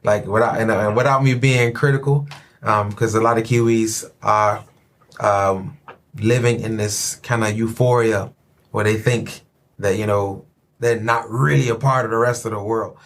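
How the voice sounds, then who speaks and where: A man's voice: on the low side, steady tone, moderate pace, fairly bright tone. A man hosting a podcast, chatting in a laid-back, joking way and often repeating himself. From Chicago. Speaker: podcast host. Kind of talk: casual chat.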